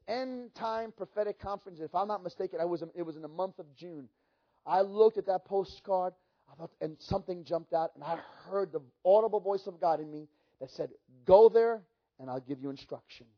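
High-voiced preaching man, lo-fi sound. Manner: animated storytelling with swings from hushed to loud. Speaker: pastor. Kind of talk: sermon testimony. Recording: dull lo-fi sermon recording.

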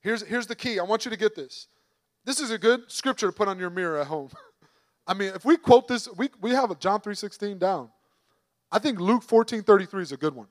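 A man's voice: high voice, lively intonation, a little fast, dry recording. A man preaching a sermon in an emphatic, conversational way, putting rhetorical questions to the congregation.

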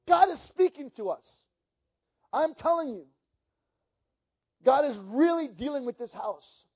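A man telling stories in a sermon as a pastor, animated and acting out the dialogue himself. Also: very high-pitched, unhurried. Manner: animated, acts out quoted dialogue. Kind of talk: storytelling sermon. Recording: dull lo-fi recording.

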